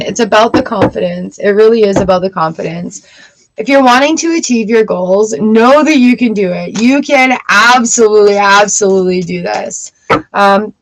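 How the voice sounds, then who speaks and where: Animated woman tarot reader chatting live. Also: fairly high pitch, a little hiss or hum, poor audio. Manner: animated storyteller, laughs often. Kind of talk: casual live-stream chat.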